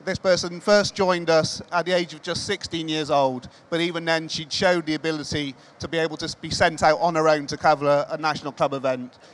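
A man's voice: on the high side, steady tone, a little fast, hardly any pauses, a bit bright. A man speaking on stage at a live event, explaining a new journalism award and building suspense with hints about the winner. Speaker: magazine editor presenting award. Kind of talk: on-stage speech. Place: large exhibition hall stage.

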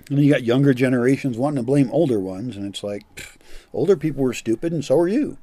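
A man's voice: medium pitch, quick pace, mellow, no echo. An older man giving a blunt, profane monologue as a vlogger, scornful and direct. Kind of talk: ranting monologue.

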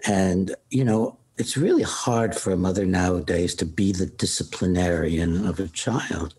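A man's voice: deep voice, unhurried, darkish tone, slight background noise. An older man, a psychiatrist, frankly telling stories about cases he has seen. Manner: retells cases, quoting patients in his own voice; frank, opinionated. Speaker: psychiatrist guest. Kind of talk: anecdotal storytelling.

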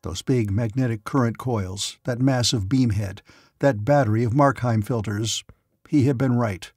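A man's voice: mid-range voice, moderate pace, a little mellow, slightly rough, no echo, studio quality. A man narrating a science fiction audiobook with dramatic storytelling. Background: faint music.

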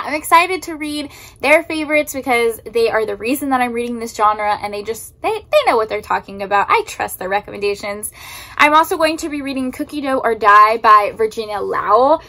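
A woman's voice: a little high, fairly bright tone. A woman chatting casually in a vlog about books, gushing and filling her talk with "like". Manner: chatty, gushing, says "like" a lot. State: teary, crying happy tears. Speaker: book vlogger. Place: in her car.

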